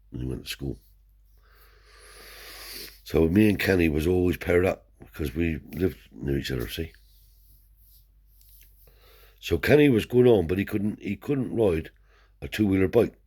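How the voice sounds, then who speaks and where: Older fella spinning old yarns, really low mellow voice, swears a lot. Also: male voice, moderate pace, pauses often, husky. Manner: broad dialect, frequent swearing, "see?" tags. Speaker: Romany traveller storyteller. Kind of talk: rambling oral storytelling.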